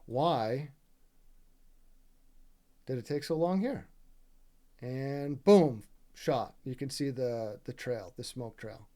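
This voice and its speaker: A man breaking down game clips in a loose, irritated commentary voice. His tone is dark and mellow at an ordinary middle pitch. He swears freely and keeps checking in with the viewer. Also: slow pace, pauses often. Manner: exasperated, profane, keeps asking "right?". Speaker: gaming video creator. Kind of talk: casual commentary over gameplay footage.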